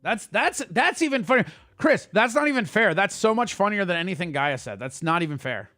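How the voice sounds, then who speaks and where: A man hosting a casual livestream, ranting at his chat in a quick, profane and heated way. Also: sits high, big pitch swings, pushed and bright, dry recording, clean studio sound. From Italian heritage. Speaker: streamer host.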